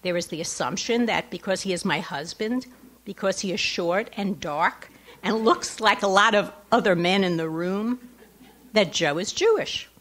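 A woman's voice: medium pitch, normal speed, a bit bright. A middle-aged woman, an author, reads her personal essay aloud at a lecture with a wry tone, adding asides to the audience. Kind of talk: live reading with asides to the audience. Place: lecture hall before an audience.

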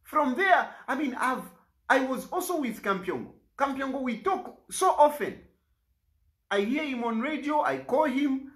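A man's voice: very high voice, lively intonation, unhurried, fairly bright tone. A Zambian man, an opposition politician, making an impassioned public statement in an aggrieved, pleading way and repeating lines for emphasis.

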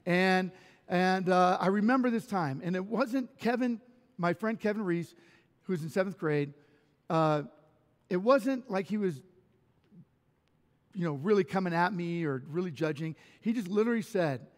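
A man preaching a conversational sermon in a church, telling personal stories with lively restarts. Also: high-pitched, normal speed, pauses often. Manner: animated personal storytelling with restarts. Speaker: pastor. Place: church sanctuary. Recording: long reverb of a church hall.

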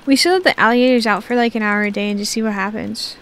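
A woman's voice: fairly high pitch, steady tone, fast talker, hardly any pauses, a bit bright, smooth. A young woman giving casual, joking commentary to herself while she plays a game. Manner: chatty, joking, talks to herself. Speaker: gaming video creator.

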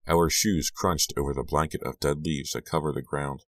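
A man narrating a scary audiobook in a measured, hushed storytelling manner, lifting his voice for the dialogue. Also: rumbling low, steady tone, dry recording. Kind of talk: scripted narration.

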